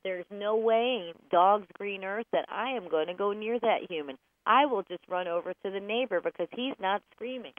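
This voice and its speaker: A woman's voice: medium pitch, normal speed, few pauses, no echo, close to an everyday voice. A woman voicing the inner thoughts of a frightened male pet dog, wry and exasperated, over a dry, tinny, phone-like line. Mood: wary. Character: frightened male pet dog, wary of his yelling owner.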